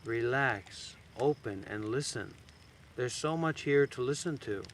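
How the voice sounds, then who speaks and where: In a graveyard outdoors, a man with a mid-range voice gives a dharma talk, teaching meditation at a measured pace. He's blunt and teasing, suddenly loud and then soft, while a faint hiss of outdoor noise runs beneath him.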